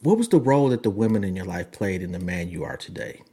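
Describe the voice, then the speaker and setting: A man's voice: low-pitched, very animated, quick pace, warm tone, breathy edge. A man hosting a casual radio interview, asking blunt questions and joking around. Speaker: podcast host.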